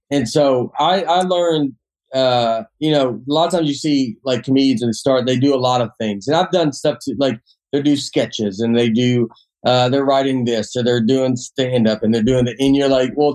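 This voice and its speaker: A man's voice: medium pitch, moderate pace, darkish tone. A man in his forties with a Southern accent, a comedian talking casually on a podcast, rambling with many restarts. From Tennessee. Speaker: comedian guest.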